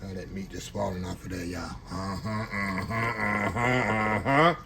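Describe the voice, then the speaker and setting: A man's voice: lowish voice, steady tone, unhurried, vocal fry, background noise. A man from Texas with a Texan accent, chatting folksily to viewers while cooking at home and calling them y'all. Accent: Texan Southern. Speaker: cooking channel host. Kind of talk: casual home cooking vlog. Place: home kitchen.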